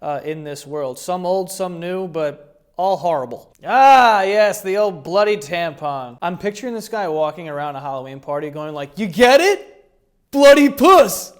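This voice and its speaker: A man hosting a comedy video, riffing crudely and rambling as he comments on photos, often breaking into laughter. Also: fairly high pitch. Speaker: comedy YouTube host.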